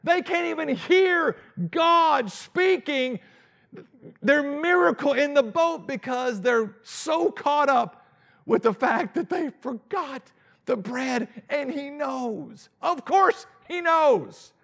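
A male pastor preaching a dramatic, animated sermon and acting out Bible scenes. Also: very high voice, slow pace, vocal fry.

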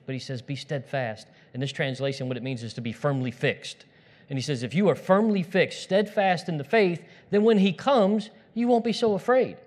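A man with a fairly high voice preaches a sermon in a church hall, where his words ring out with a long reverb. He talks straight to the congregation, leaning hard on key lines and then dropping into quiet, personal asides.

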